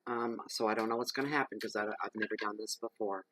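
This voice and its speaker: A man with a lowish voice chats to camera at home while laying out tarot cards. His talk rambles loosely, and he drops into hushed, murmured invocations. The sound comes through the camera's own mic. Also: steady tone, fast, a little hiss or hum, low-quality recording. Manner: chatty and rambling, drifting into soft murmured invocations. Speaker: tarot reader. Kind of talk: casual chat to camera during a tarot reading. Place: at home in the evening. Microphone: camera microphone.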